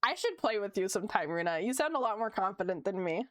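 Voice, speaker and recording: A woman's voice: medium pitch, animated, quick pace, a bit bright, no echo, studio quality. A young woman streaming her art, chatting casually and giggling as she reads chat aloud.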